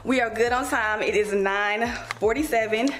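Woman vlogger, casual chat to camera, a bit breathless, slightly high voice. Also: moderate pace, a bit bright. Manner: chatty, addresses viewers as y'all. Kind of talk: casual vlog talk to camera.

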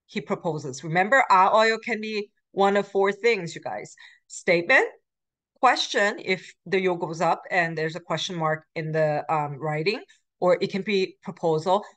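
Woman teaching a lecture, lower voice. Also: normal speed, a bit bright. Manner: explanatory, many fillers and restarts. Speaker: language teacher. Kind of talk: recorded lecture.

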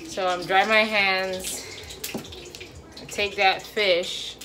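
A woman's voice: medium pitch, level tone, drawn-out words, background noise. A woman hosting a cooking video, chatting casually with playful slang and joking asides. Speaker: cooking vlogger. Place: home kitchen. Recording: frying sizzle in background.

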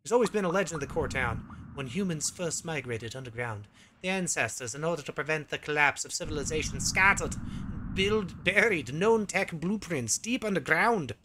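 A man's voice: high voice, lively intonation, fast, background noise, voice pushed up. A man voicing an older male mentor who survived underground, reading the game's lines aloud in an easy, plain way. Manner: reads game dialogue aloud plainly.

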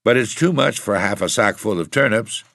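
Guy putting on a fretful country landlord, plain rustic talk, raised a bit from his low voice. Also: expressive, normal speed, gravelly, a bit bright, dry recording, clean studio sound. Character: worried rustic male village landlord, middle-aged.

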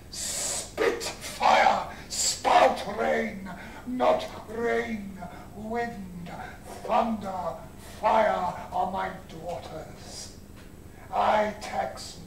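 A man playing a raging old king defying a storm, in old-fashioned declamatory stage style with old-fashioned received pronunciation, slow and held with sudden shouts. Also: sits high, creaky, slight background noise, heavily acted. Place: university lecture hall. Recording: roomy hall heard from far off.

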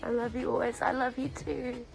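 A young woman from the UK chatting on a phone livestream, bubbly and excitable, reading out viewers' comments. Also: on the high side, moderate pace, creaky, soft background music. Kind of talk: casual live stream chat.

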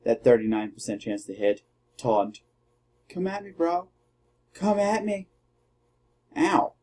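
A man doing let's play commentary, trash-talking his opponents and shouting battle cries. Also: mid-range voice, sing-song, slow pace. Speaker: gamer.

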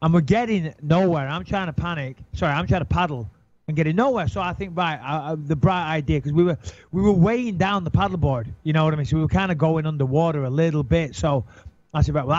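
A high-voiced man tells a story in a casual interview, swearing a lot. He throws himself into it and acts out his own panicked thoughts. The recording sounds dry and a little dull. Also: fairly quick, darkish tone, dry recording. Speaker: interview guest.

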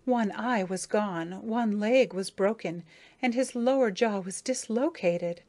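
A woman voicing a grieving, self-important female dragonfly who tells her tale slowly, mournfully and dramatically. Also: mid-range voice, a little mellow, close to an everyday voice. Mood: grave dramatic. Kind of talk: audiobook character reading.

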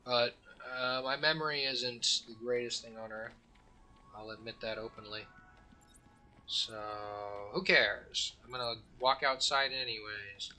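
Casual male let's play host, rambling jokester, sharp bright voice. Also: mid-range voice, fairly even intonation, a little slow, faint music behind. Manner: rambling, joking storyteller with fillers and restarts. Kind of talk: casual gameplay commentary.

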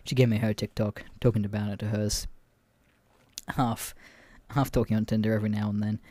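A young man hosts a podcast, casually recounting dating stories with plenty of swearing and laughter. His voice sits on the low side, with a flat, brisk delivery and a warm tone. There's no room sound.

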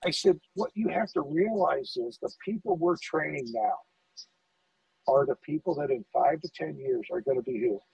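A gravelly middle-aged man chats on a podcast and acts out conversations as he tells them. His voice sits a little high for a man and sounds dry and muffled, as if he is some distance from the microphone. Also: normal speed, dry recording. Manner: animated storyteller, acts out quoted dialogue, repeats words. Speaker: fire lieutenant guest. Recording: dull dry audio, off-mic.

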